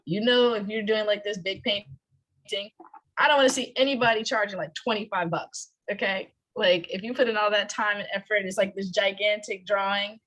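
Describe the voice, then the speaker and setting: A woman's voice: medium pitch, steady tone, moderate pace, a bit bright, low-quality recording. A young woman presenting at an online workshop, chatty and emphatic, heard over a video call. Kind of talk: casual online workshop talk.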